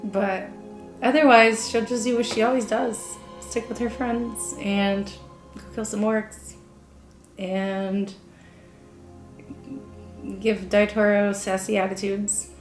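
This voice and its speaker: A woman's voice: medium pitch, level tone, slow pace, long pauses. A young woman talking casually in an interview as a live-action role-player, enthusiastic and reflective. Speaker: LARP player. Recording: roomy echo with faint music.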